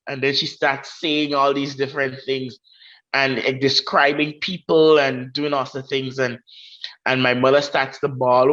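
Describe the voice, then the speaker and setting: A woman's voice: very deep voice, steady tone, measured pace, a bit bright, lo-fi sound. A woman with a Grenadian accent, a podcast guest telling a personal story and acting out the voices of the people in it. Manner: vivid, acts out quoted voices.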